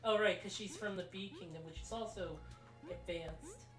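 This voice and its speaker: A woman playing along in a casual gaming chat, with quick, upbeat reactions. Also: mid-range voice, music in the background. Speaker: co-player. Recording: echoey room.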